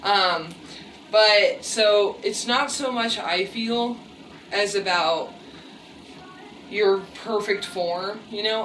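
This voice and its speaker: A woman's voice: lowish voice, background noise. A woman giving a casual, chatty workout demonstration with many fillers and self-deprecating asides. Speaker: fitness vlogger. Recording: echoey room, mic at a distance, faint music.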